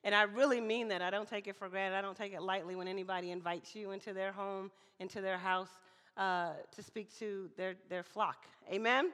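Woman preacher from Mississippi, bright voice, slightly hoarse, chatty sermon, long hall reverb. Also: medium pitch, a little fast. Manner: lively, chatty, calls for amens. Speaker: guest preacher. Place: church hall.

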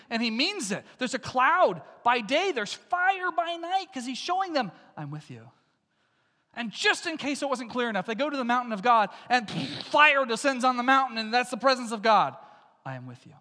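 A man's voice: extremely high pitch, bright, forceful tone, big-room sound. A man preaching a sermon as pastor, emphatic and repeating lines for stress.

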